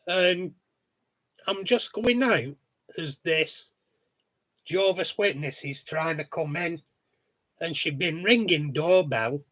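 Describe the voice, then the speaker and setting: A man's voice: on the high side, slow, pauses often, fairly bright tone, poor audio. A man in a casual monologue vlog, talking bluntly, swearing freely and chuckling often. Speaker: vlogger.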